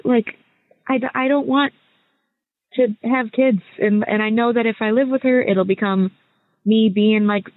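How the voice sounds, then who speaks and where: A woman in her twenties leaves a casual, rambling voice message for a podcast as a listener, hesitating, interrupting and correcting herself as she goes. Her mid-range voice comes over a thin phone line with no room sound.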